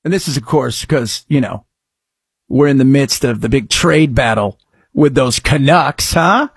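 Sarcastic man hosting with a husky voice. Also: medium pitch, normal speed, dry recording, studio quality. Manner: sarcastic, mock-shouting outbursts. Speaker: show host. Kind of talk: satirical political commentary.

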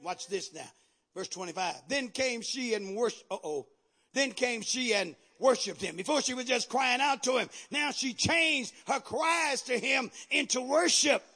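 High, bright-voiced fiery male preacher. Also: a little slow. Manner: fiery preaching with shouted peaks and repeated amens. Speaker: pastor. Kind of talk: sermon.

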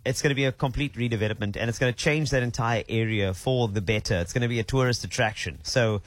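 A man's voice: mid-range voice, quick pace, dry recording. A man hosting a casual chat, rambling and restarting his sentences. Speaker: host.

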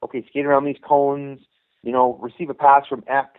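A middle-aged man, a youth hockey coach, telling his story in an animated, casual way as an interview guest. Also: medium pitch, a little fast. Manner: animated, voices quoted dialogue. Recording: phone-like narrow band.

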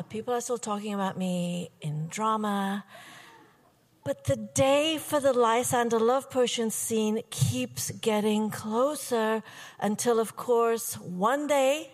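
A young adult woman performing a personal story with wry, comic timing and pauses. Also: mid-range voice, long reverb tail.

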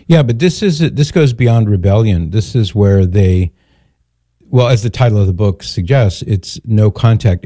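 Older man, radio host, mellow low voice, dry close sound, emphatic lecturing. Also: lively intonation, unhurried, dry recording. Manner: emphatic, lecturing, quotes others in mock voices. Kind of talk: call-in radio talk.

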